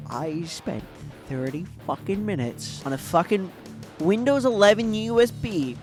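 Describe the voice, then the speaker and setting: A man's voice: high voice, fairly bright tone. A man, a VTuber, ranting in a casual monologue, exasperated and profane, full of "like" and "right?".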